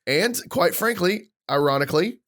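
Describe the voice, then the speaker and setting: Guy in his 30s ranting on a podcast, kinda high voice that swings all over, acts out the quotes. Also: normal speed. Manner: animated storyteller, acts out quotes. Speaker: podcast co-host. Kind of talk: casual podcast rant.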